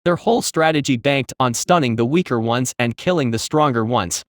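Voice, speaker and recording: A man narrating a fantasy novel in a steady storytelling manner. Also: mid-range voice, a little fast, dry recording, clean studio sound.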